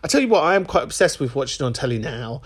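Chatty host with a lively, bouncing voice. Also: male voice, medium pitch, quick pace, breathy edge. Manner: chatty, camp, laughs often. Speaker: podcast host. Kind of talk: casual chat.

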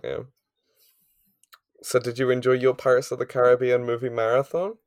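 A man's voice: mid-range voice, flat delivery, normal speed, no room sound, studio quality. Playful man hosting a podcast. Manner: teasing, playful and upbeat. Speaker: podcast host. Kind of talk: casual chat.

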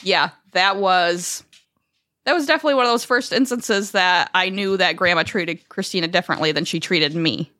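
A woman co-hosting a podcast, telling childhood family stories in a lively, casual way, swearing freely and acting out what others said. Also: on the low side, normal speed, dry recording, studio quality. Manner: animated, swears freely, acts out quotes. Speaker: podcast co-host. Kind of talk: casual storytelling chat.

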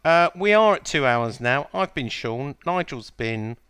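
A man's voice: medium pitch, expressive, measured pace, fairly bright tone, clear, resonant tone, no echo. Teasing man hosting a podcast. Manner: teasing, leads the segments. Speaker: podcast host. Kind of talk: casual football podcast chat.

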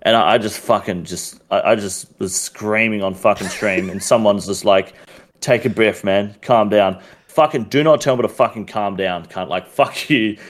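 A man's voice: fairly low pitch, normal speed, few pauses. A man with an Australian accent, a guest on a gaming podcast, chatting casually and ranting bluntly with lots of swearing. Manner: blunt, heavily profane, ranting. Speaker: podcast guest, game streamer.

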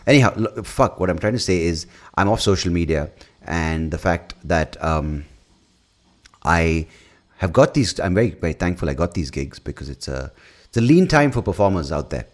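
A man's voice: low voice, expressive, normal speed. A man with an Indian English accent, hosting a podcast and ranting in a rambling, profane, casual way, often correcting himself. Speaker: comedian podcast host. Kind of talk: casual rant.

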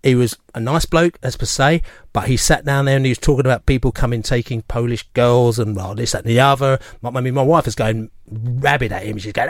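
A man's voice: mid-range voice, a little fast, few pauses, no room sound. Bloke rambling thru a story on radio, mid voice, dry close studio sound, does the voices of people he quotes. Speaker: fan show regular. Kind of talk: casual radio chat, storytelling. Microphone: studio microphone.

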